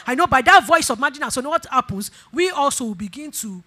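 A woman's voice: high voice, lively intonation, quick pace, sharp tone. A woman pastor preaching a sermon, leading call-and-response, repeating phrases and breaking into emphatic bursts. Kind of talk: sermon exhortation.

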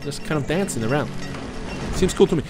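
A man's voice: on the high side, expressive, a little fast, over music. A man whose first language is German, giving rambling, profane, self-mocking commentary while playing a game. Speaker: gaming commentator. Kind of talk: casual let's-play commentary.

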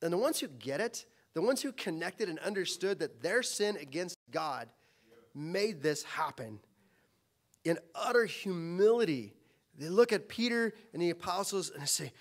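A man's voice: sits high, sing-song, moderate pace. A man preaching a sermon as pastor, impassioned and full of rhetorical questions.

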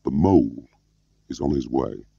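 A man's voice: a bass voice, lively intonation, unhurried, vocal fry, dark tone, slightly rough, full character voice. A man doing a murmuring, careful older spymaster. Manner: murmuring, restrained. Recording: muffled lo-fi recording.

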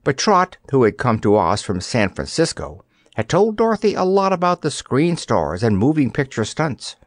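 A man narrating an audiobook in an expressive storytelling manner, on a close studio mic. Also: mid-range voice, normal speed, no room sound.

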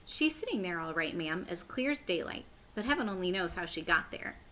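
A woman's voice: lowish voice, very animated, a little fast, fairly bright tone, a little hiss or hum. A woman reading aloud, voicing a flustered, bewildered palace maid.

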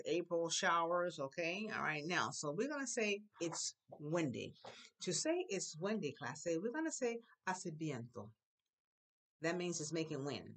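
Lively woman teaching young pupils. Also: sits low. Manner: lively, drawn-out repetition of words for pupils to copy. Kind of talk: classroom language lesson. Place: school classroom.

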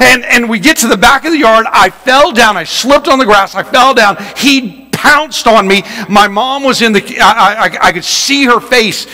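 A male pastor preaches in an animated, storytelling way, his voice bright and ringing. His pitch leaps around as he acts out scenes. The sound carries the long reverb of a church hall. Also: moderate pace, hardly any pauses, slight background noise. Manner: animated, acts out shouts and quotes in a high voice. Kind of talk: storytelling sermon.

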